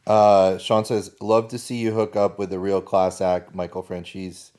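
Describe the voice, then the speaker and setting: Deep male voice reading comments off-mic. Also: flat delivery, a little slow, darkish tone. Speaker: co-host reading viewer comments.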